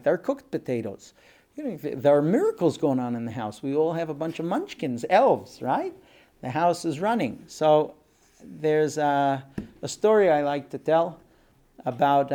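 A man giving a talk and telling a lively story, acting out voices along the way. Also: medium pitch. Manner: animated storyteller, acts out voices. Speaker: speaker.

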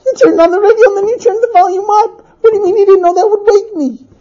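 A woman's voice: extremely high pitch, dark tone, voice pushed up. A woman voicing an exasperated husband who was woken at night and fires off indignant questions. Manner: indignant, rapid rhetorical questions. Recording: dull lo-fi recording.

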